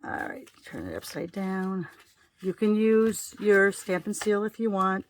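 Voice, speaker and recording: A woman's voice: medium pitch, unhurried, no room sound. A woman giving a casual card-making tutorial, chatting her way through each step as she works.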